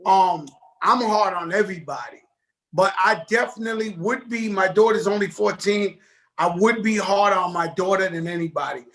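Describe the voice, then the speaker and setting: A man's voice: high-pitched, moderate pace, fairly bright tone, rough recording. A middle-aged man talking as a guest in a casual interview, rambling and loose with streetwise slang.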